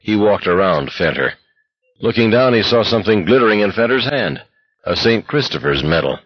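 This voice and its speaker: A man narrating an audiobook in a steady, measured reading. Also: low voice, slightly rough, no echo, muffled recording. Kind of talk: scripted narration.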